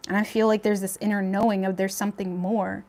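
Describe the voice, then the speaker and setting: A woman's voice: medium pitch, flat delivery, fast, a little mellow. A young woman giving a casual tarot reading, talking in a chatty, blunt way with lots of fillers and some swearing. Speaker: tarot reader.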